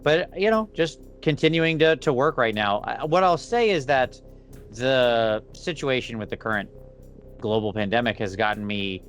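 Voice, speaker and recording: A man talking as a guest on a casual interview podcast, thoughtful and measured. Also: mid-range voice, lively intonation, soft background music. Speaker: podcast guest, miniature painter.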